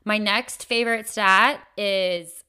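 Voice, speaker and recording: Young woman, podcast host, bright and clear voice, chatty and upbeat. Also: medium pitch, steady tone, takes it slowly. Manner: chatty and upbeat, many fillers and laughs. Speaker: podcast host and fitness instructor. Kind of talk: casual solo podcast chat.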